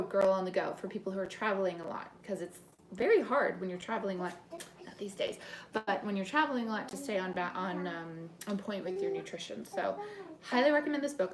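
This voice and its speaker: A woman's voice: mid-range voice, reverberant, recorded from a distance. A woman hosting a live cooking demonstration from her home kitchen, chatting to viewers and greeting them by name as she explains each step. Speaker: cooking demo host and cookbook author.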